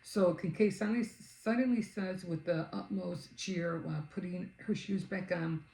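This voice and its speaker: A middle-aged woman chats through a meandering story, doubling back with fillers as she goes. Her voice sits on the low side for a woman. The recording carries a noticeable room echo. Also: moderate pace, creaky, few pauses. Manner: rambling, animated retelling with many fillers. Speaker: vlogger. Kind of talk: casual storytelling chat. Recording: roomy, echoey recording.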